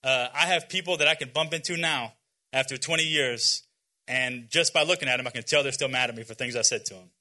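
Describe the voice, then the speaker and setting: This youth speaker, a man in his forties, talks a little fast in a mid-range voice with a sharp edge. He delivers an earnest, informal sermon to young people, restarting often, using plenty of fillers, and poking fun at himself now and then.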